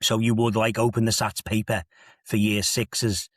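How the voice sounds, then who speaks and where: A man's voice: fairly low pitch, steady tone, normal speed, slightly rough, dry recording, clean studio sound. A man in his fifties with a Liverpool accent, an assistant head teacher telling stories with emphatic, rhetorical asides in a podcast discussion. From England.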